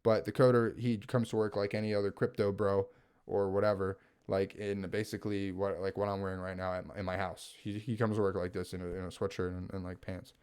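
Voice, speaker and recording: A man talking at home, recapping and reviewing a TV series in an animated, rambling way, full of "like" and "right?". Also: low-pitched, brisk, smooth. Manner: animated, rambling, filler-heavy with frequent "like" and "right?". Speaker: gaming video creator reviewing a TV series. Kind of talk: casual spoken recap and review.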